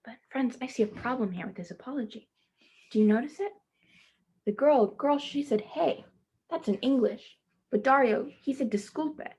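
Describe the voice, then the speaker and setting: A woman teacher reading a children's picture book aloud, stopping to gently ask her young listeners questions. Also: high-pitched, normal speed, slightly rough. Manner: speaks to children as "friends".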